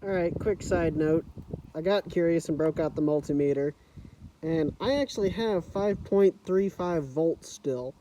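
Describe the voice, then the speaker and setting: Filming on a phone inside a farm building, a man speaks at a measured pace about fixing up an old tractor. His slightly high, mellow voice comes through a muffling face mask with a bit of hiss or hum, and he rambles with doubtful asides and corrections.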